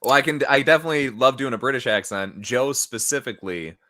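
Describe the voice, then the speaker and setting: A man's voice: medium pitch, fast talker, pushed and bright. A man co-hosting a casual livestream chat over a video call, joking around and laughing often. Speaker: livestream co-host.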